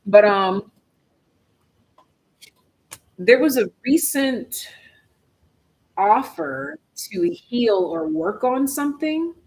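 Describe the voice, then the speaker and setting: Tarot reader, casual live-stream reading, chatty, slangy, thinks aloud, swings between hushed asides and loud exclamations, mid-pitched voice. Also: animated, very slow, pauses often, low-quality recording.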